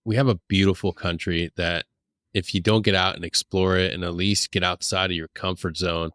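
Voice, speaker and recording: Low-voiced laid-back podcast host. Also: male voice, normal speed, dry recording. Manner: relaxed, enthusiastic, says dude and like a lot. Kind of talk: casual interview chat.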